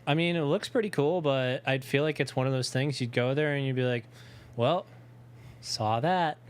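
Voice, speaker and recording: A man's voice: mid-range voice, normal speed, smooth. A young man co-hosting a podcast in casual chat, rambling and swearing often. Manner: swears a lot, rambling, animated put-on voices. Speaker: podcast co-host. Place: home studio.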